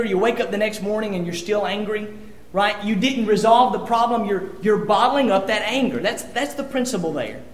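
A man preaching a sermon, earnest and conversational, often restarting his sentences as he reads scripture. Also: high-pitched. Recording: echoey room.

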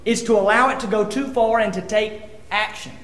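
A man's voice: high voice, a little fast, fairly bright tone. A man preaching a sermon, earnest and conversational, often restarting his sentences as he reads scripture. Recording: echoey room.

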